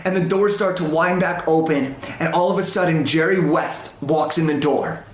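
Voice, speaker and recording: A young man giving a motivational storytelling talk to a school assembly, animated and using dramatic pauses. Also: on the high side. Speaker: motivational speaker. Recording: roomy echo.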